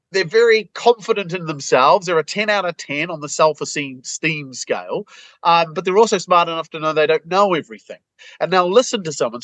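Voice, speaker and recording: A British man with a high voice speaks bluntly and punchily, acting out both sides of phone calls as he explains his sales methods. The sound is dry and close, with no room around it. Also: a bit bright, dry recording, poor audio. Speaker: sales trainer. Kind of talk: interview answers.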